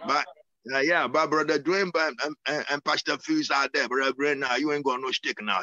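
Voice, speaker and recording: A man's voice: on the high side, moderate pace, sharp tone, no echo, highs cut off. A man preaching a sermon and praying, fervent, with sudden whoops, often repeating his words. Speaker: apostle preaching. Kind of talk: sermon and prayer.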